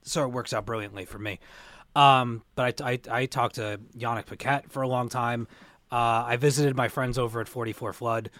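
A young man co-hosting a podcast, telling long convention stories. He rambles and restarts often, at an ordinary pitch. The sound is dry and close. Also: steady tone, moderate pace, a bit bright, no echo. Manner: rambling storyteller, many restarts. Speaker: podcast co-host. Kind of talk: casual podcast chat.

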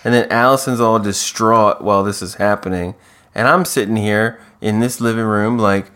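A man's voice: on the low side, steady tone, normal speed, fairly bright tone, smooth. A man co-hosting a podcast, recapping a TV episode with sarcastic, swearing jokes. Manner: sarcastic, swears for comic effect. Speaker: podcast co-host. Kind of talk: casual recap chat.

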